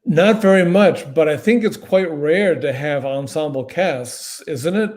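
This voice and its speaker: Articulate male author, slightly high voice. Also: darkish tone. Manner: articulate, measured, precise word choice. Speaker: author guest. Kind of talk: casual conversational answers.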